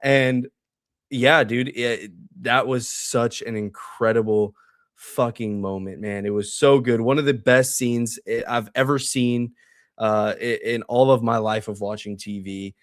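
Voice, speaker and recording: A man co-hosting a podcast, excitedly recapping a TV show in casual, profane chat. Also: medium pitch, dry recording, clean studio sound. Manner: excited, profane, quotes characters in quick asides. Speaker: podcast co-host.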